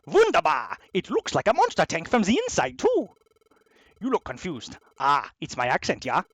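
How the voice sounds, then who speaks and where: A man's voice: high voice, wildly swooping pitch, normal speed, fairly bright tone, husky, dry recording, pitched above the performer's own voice, exaggerated voice. A man voicing a jolly male monster in a put-on German accent, chipper and showy.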